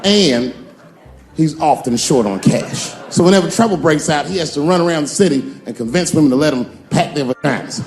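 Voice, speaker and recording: A man telling stand-up stories, animated and switching into shrill voices for the characters he quotes. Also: a little fast, some chatter behind, slight background noise. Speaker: stand-up comedian. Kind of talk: stand-up storytelling.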